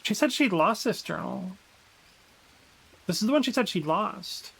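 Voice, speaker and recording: A high-pitched man chatting his way through a survival game on a live stream. He reads found journal entries aloud with theatrical emphasis, then drops back into loose, chatty commentary. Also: animated, unhurried, gravelly, a bit bright, breathy edge, low-quality recording.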